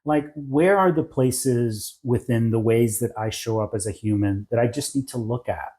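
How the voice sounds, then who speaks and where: A man's voice: mid-range voice, moderate pace, mellow. A middle-aged man, a licensed therapist, talking reflectively in an interview and often checking in with his listener. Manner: reflective, affirming, keeps checking in with "right?". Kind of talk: conversational interview.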